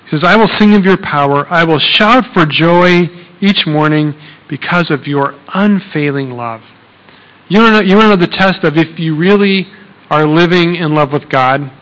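A man's voice: fairly high pitch, moderate pace, a bit bright, long reverb tail, rough recording. A man preaching a sermon in a conversational way, often checking in with "okay?" and using fillers. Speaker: pastor.

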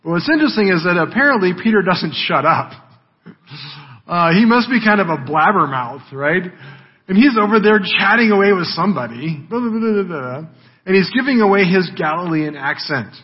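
With a high, slightly rough voice and expressive delivery at normal speed, a pastor preaches in a chatty style, tagging his lines with frequent "right?" checks. The recording sounds dull and lo-fi.

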